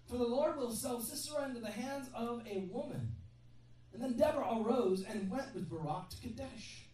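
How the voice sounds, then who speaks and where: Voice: mid-range voice, expressive, moderate pace, dark tone. Brief: chatty, joking preacher mid-sermon, far from the mic in a very reverberant hall with faint ambience. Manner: conversational, joking asides to the congregation.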